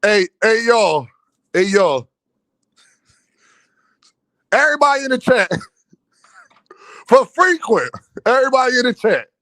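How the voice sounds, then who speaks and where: High-voiced man trash-talking on a stream. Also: sing-song, unhurried, long pauses, pushed and bright, no room sound. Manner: teasing, trash-talking, laughing often. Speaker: livestream host. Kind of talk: casual livestream banter.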